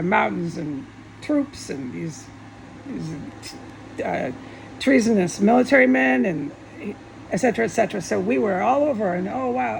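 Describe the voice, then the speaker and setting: A woman with a gravelly, creaky voice rambles through a monologue, agitated and swearing in heated outbursts. A faint air conditioning hum sits under her voice. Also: mid-range voice, rough recording. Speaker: vlogger.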